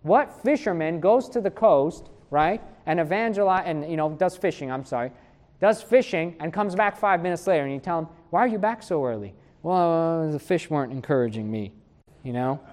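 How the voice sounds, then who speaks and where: A man preaching a sermon, telling a personal story with lively asides and acted-out thoughts. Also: on the high side, moderate pace. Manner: animated storytelling, acting out his own inner voices; frequent tag questions.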